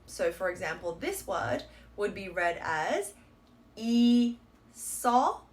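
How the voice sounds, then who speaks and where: A woman teaching a pronunciation lesson, explaining patiently and sounding out model words slowly and clearly. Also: medium pitch, fairly bright tone. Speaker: Korean language teacher.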